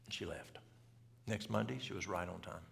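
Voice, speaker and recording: A man's voice: deep voice, moderate pace, gravelly, big-room sound, a little hiss or hum. A man, telling a story in a folksy, country way at a church event and asking the audience questions. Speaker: health speaker. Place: church hall.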